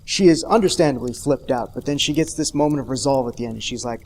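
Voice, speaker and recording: A man's voice: mid-range voice, quick pace, hardly any pauses, a little mellow. Man, show host, unscripted review, rambling chatty delivery, wry asides, faint background noise. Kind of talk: unscripted casual review monologue.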